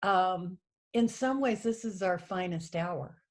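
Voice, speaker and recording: A woman in her sixties gives a heartfelt, halting union speech over a video call from her small house, emotional and full of fillers. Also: lowish voice. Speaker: union president addressing a convention.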